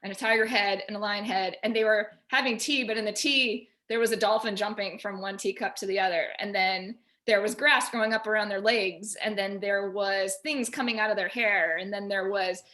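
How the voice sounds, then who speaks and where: A woman on a video call at home, telling a personal story in an animated way and quoting herself and others. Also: mid-range voice, normal speed, hardly any pauses. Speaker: featured artist guest. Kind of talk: casual video call discussion.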